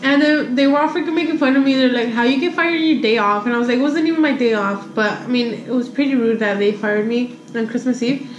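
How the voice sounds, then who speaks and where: A young woman with a high voice tells a casual story in an animated way, acting out quoted dialogue and swearing as she goes. She flips between English and Spanish mid-sentence. The recording sounds roomy and a little dull, with faint noise behind her. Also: quick pace, faint music behind. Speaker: vlogger.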